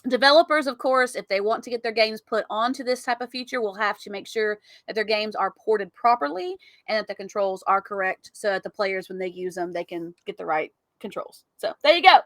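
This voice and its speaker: A woman's voice: medium pitch, fairly quick, hardly any pauses, fairly bright tone, no echo. A woman co-hosting a casual gaming podcast, laughing often as she chats and reads out news items. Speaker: podcast co-host. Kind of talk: casual chat reading news.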